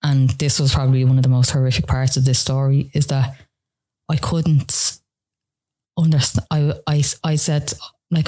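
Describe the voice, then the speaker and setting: An Irish woman telling her own story as a podcast interview guest, emotional and halting, with many "like" and "you know" fillers. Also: low-pitched, level tone, mellow.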